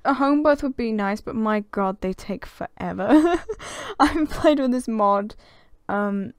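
A woman's voice: medium pitch, lively intonation, takes it slowly, no room sound. A young woman giving casual, giggly commentary over a life-simulation game she plays, gasping and exclaiming often. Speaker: gaming video creator. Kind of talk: casual let's-play commentary.

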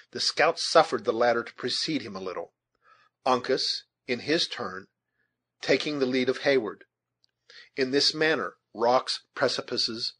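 A man reading a novel aloud in a steady, measured narration. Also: mid-range voice, slightly rough. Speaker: audiobook reader. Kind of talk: scripted narration.

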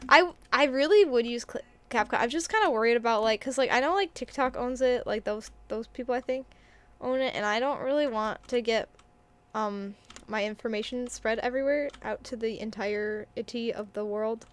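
A woman's voice: fairly high pitch, normal speed. A woman streaming a video game, chatting casually and reading out and answering her chat. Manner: chatty, reads chat aloud and reacts. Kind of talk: casual live-stream chat while gaming.

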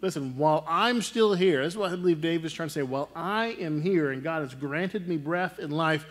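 Pastor guy preaching, earnest and chatty, slightly high voice, keeps restarting phrases. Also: a little fast, few pauses. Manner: earnest, conversational preaching with frequent restarts and "right?". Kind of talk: sermon.

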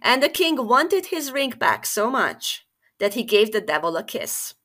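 Bright, expressive woman storyteller. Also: a little high, unhurried. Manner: expressive, conversational. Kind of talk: fairytale storytelling podcast.

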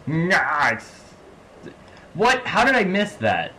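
A man from the American South giving excitable let's-play commentary, swinging between low mumbles and loud laughing outbursts. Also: very slow, a little hiss or hum. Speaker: gaming channel host.

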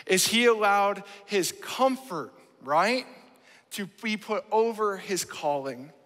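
A man's voice: sits high, fairly bright tone. A man preaching a sermon in church, speaking emphatically and often checking in with the congregation. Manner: emphatic, keeps asking the congregation "right?". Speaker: pastor. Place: church sanctuary. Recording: long church hall reverb.

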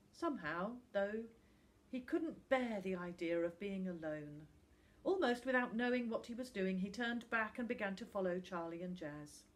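A woman teacher reading a children's novel aloud, expressive and voicing each character with big jumps in pitch. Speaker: primary school teacher.

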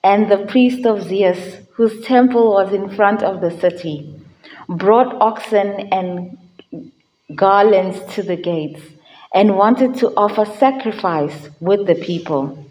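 Slow, measured woman reading scripture. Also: mid-range voice, darkish tone, rough recording. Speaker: lector. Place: chapel at a Mass.

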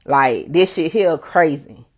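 Animated, profane woman blogger telling a story. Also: sits low, slow, breathy edge. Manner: animated, profane, repeats herself for emphasis. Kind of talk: casual livestream storytelling.

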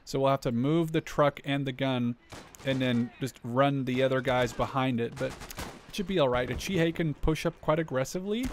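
A man commentating on a strategy game as he plays, chatty and thinking aloud, with quick startled exclamations. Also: mid-range voice, slight background noise. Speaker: gameplay commentator. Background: gunfire and artillery from the game.

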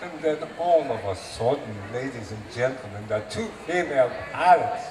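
A man performing at a renaissance faire, telling a joke to a live crowd in an animated, audience-addressing way. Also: mid-range voice, normal speed. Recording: echoey open air from far mic, noisy.

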